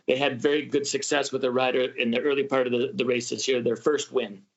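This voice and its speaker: Guy hosting a travel podcast, animated storytelling, kinda muffled audio. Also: mid-range voice, fairly quick. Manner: animated, acts out quoted voices. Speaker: podcast host. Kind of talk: casual storytelling.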